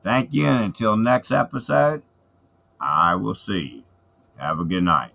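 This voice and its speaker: A man hosting a video channel, commenting on police footage in a deliberate, urging way and signing off to viewers. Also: on the low side, big pitch swings, vocal fry, pushed and bright. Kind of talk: commentary and sign-off.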